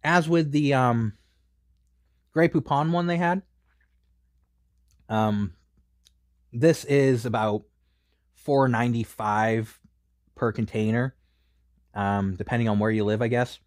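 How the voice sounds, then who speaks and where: Halting, chatty man, dry close sound. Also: medium pitch, fairly even intonation, no echo. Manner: rambling, halting with many fillers. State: a bit out of breath. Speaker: snack reviewer. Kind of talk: casual food review.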